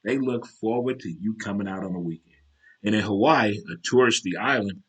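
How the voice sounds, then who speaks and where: A man hosts his own casual talk show and speaks with lively, animated energy. His pitch swings widely as he chats, and he often breaks into call-and-response cadence chants. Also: slightly rough. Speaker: show host.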